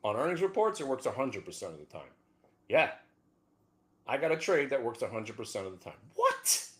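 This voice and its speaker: Man, trading show host, animated, pitch leaping from mutter to shout. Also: a little fast. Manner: excitable, swings from low mutter to whooping shouts. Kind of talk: animated trading talk over charts.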